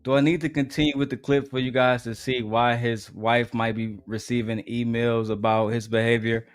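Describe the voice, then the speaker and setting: A man talks his viewers through a clip in a wry, deliberate way. His voice sits at an ordinary pitch. The sound is dry and close. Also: level tone, clean tone, dry recording. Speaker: livestream host reacting to a clip. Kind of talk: live reaction commentary.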